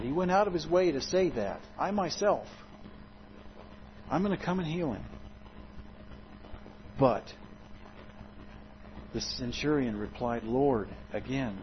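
A man preaching a sermon in an expressive, dramatic way, often swinging his loudness and pitch. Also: normal speed, highs cut off, slight background noise.

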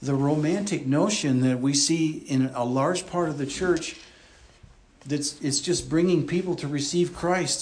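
A man's voice: on the high side, darkish tone, a little hiss or hum. A man preaching a conversational expository sermon in a church, explaining and repeating his points as he goes. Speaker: pastor.

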